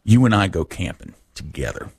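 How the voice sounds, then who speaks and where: A man putting on the voice of a tall, joking male coworker with a low, drawn-out deadpan delivery. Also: husky, no echo, heavily acted.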